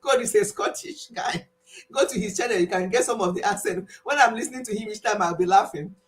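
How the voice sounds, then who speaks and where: A woman with a Nigerian accent, whose first language is Igbo, chats casually on her own health channel live stream. Her voice sits at a middling pitch. She tells stories animatedly, laughs often, and drops Igbo words into her English. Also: lively intonation, brisk, a little hiss or hum, rough recording.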